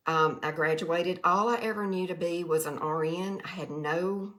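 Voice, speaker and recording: A woman in her 60s hosts a direct sales livestream from a quiet room, folksy but tired and nervous, greeting viewers by name in casual talk. She speaks at normal speed in a fairly low, slightly bright voice.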